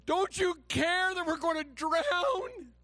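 A man voicing frightened disciples in a storm, who mumble timidly and then shout in panic. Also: medium pitch, a little slow, vocal fry, slightly rough, dry recording, full character voice. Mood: panicked. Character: frightened group of male fishermen disciples.

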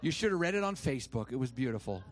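A man preaching a sermon, telling a personal story and reading scripture, with quiet asides that swing to loud, rising exclamations, and he acts out the quoted voices. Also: mid-range voice, big pitch swings, fast talker. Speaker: pastor.

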